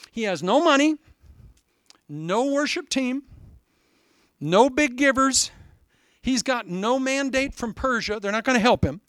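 A man's voice: high-pitched, no room sound, studio quality. A male preacher from Iowa delivering a sermon, telling stories animatedly and acting out voices. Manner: animated storytelling, acts out voices and laughs.

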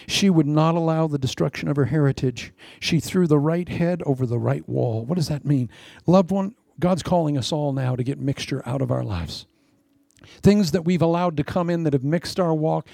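A middle-aged male pastor preaching with animated, preacherly energy and playful asides. His somewhat high voice carries a gravelly edge. The sound is dry and close, with no room echo. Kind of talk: sermon.

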